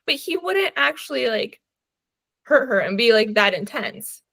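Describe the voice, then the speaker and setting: Young woman, bookish co-host, bubbly and chatty, high-ish voice, dry close mic. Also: normal speed, dry recording. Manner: animated, laughing, many "like"s. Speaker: podcast co-host. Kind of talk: casual book chat.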